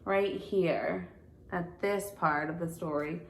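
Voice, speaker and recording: A woman teacher reading a children's picture book aloud to her class, animated and playful. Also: fairly low pitch, slow, gravelly, slight background noise. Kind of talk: read-aloud storytelling for children.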